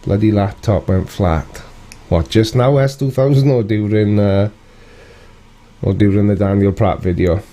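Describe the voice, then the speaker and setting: A man's voice: fairly low pitch, unhurried, dark tone. A man with a British accent hosting a casual live stream, chatting and answering viewer comments in a wry, conversational way.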